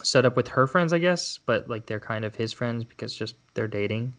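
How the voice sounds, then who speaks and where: A young man co-hosting a podcast, retelling a movie in casual chat with halting restarts and laughs. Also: mid-range voice, lively intonation, a bit bright. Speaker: podcast co-host.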